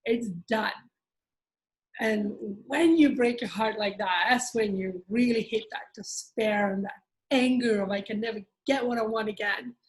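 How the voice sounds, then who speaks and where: A woman's voice: mid-range voice, normal speed, poor audio. A woman leading a group therapy session, coaching members in a direct, emphatic way.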